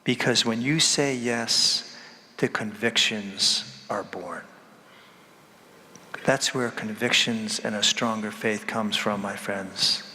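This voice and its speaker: A man's voice: fairly low pitch, flat delivery, a little slow, pushed and bright, long reverb tail. A man giving a sermon as a priest, emphatic, repeating key words and asking the congregation rhetorical questions.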